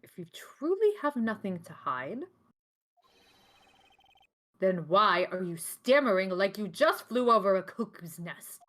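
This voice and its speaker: A haughty, cool-headed prosecutor, as a woman reads him, measured and composed with a touch of smugness. Her voice stays close to her own, at a middle pitch. The delivery has a lively rise and fall through the lines. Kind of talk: reading game dialogue aloud.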